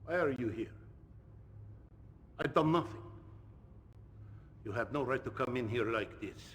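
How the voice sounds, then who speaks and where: A man's voice: medium pitch, unhurried, slight background noise, close to an everyday voice. An actor playing a defiant Russian male crime boss with a Russian accent, from a game video. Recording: game video with long reverb and faint ambience.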